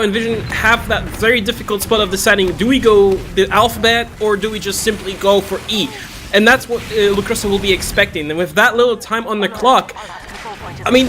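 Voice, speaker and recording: A male esports caster giving excited play-by-play commentary, straining as he loses his voice. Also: high voice, slight background noise. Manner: excitable, shouts at big plays. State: losing his voice.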